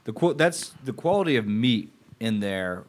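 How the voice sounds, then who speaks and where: A man's voice: fairly low pitch, big pitch swings, normal speed. A man chatting casually as a podcast guest, loose and full of fillers. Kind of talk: casual chat.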